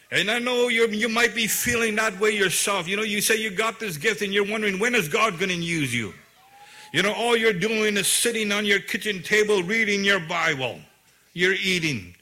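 A man preaching a sermon in a relaxed, conversational way, often saying "you know.". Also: high-pitched.

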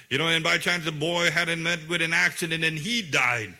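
A man preaching a sermon in a relaxed, conversational way, often saying "you know.". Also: on the high side, normal speed, gravelly.

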